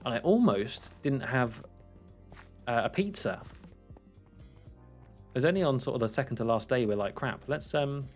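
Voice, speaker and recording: A man's voice: medium pitch, sing-song, normal speed, long pauses, soft background music. A young English man streaming while he plays, chatting casually in a rambling, self-mocking way with frequent laughs. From England. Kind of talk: casual chat while gaming.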